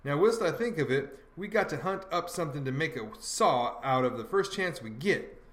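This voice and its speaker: A man's voice: a little high, lively intonation, moderate pace, a bit bright, slight background noise. A man voicing a bossy, know-it-all teenage boy who lectures in folksy dialect, in an audiobook reading. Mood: lecturing. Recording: roomy echo.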